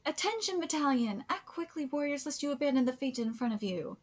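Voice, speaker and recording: A woman's voice: sits high, expressive, a little fast, muffled recording. A woman reading out a stern young girl commander. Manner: plain reading of manga dialogue.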